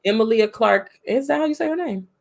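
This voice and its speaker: A woman's voice: fairly high pitch, lively intonation, brisk, creaky, over a noisy crowd. A woman co-hosting a casual film podcast, chatty and playful, laughing often. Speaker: podcast co-host. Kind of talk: casual chat.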